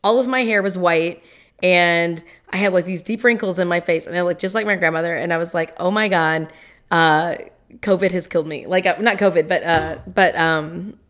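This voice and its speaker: A woman from Tennessee co-hosting a casual podcast, a bit hoarse today, chatting and laughing often. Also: on the low side, fairly even intonation, moderate pace, fairly bright tone. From Tennessee, USA. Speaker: podcast co-host. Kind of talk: casual chat.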